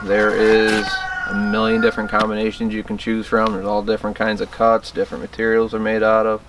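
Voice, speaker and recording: A man's voice: fairly low pitch, monotone, a little fast, fairly bright tone, a little hiss or hum. A man casually explaining a hunting call outdoors, plainspoken and self-deprecating. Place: outdoors in bright sun.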